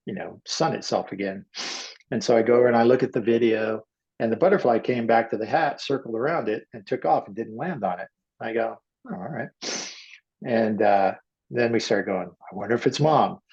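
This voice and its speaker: A man with a low, gravelly voice tells a story at an easy, wandering pace, full of ums, and slips into the voices of the people in it. His voice is husky, and the recording sounds dull. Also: a little mellow. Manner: rambling, many fillers, acts out quoted voices. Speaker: guest artist. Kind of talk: storytelling in casual conversation.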